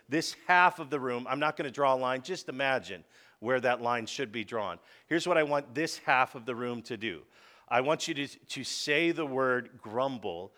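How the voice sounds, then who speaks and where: A man's voice: medium pitch, pushed and bright. A man preaching a sermon, leading the congregation in call-and-response. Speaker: pastor.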